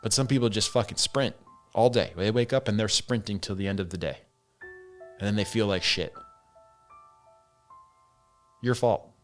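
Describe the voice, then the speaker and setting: A man's voice: fairly low pitch, moderate pace, long pauses, faint music behind. A man hosting a casual solo podcast and talking candidly, swearing freely and saying "man" and "dude" as he goes. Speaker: podcast host.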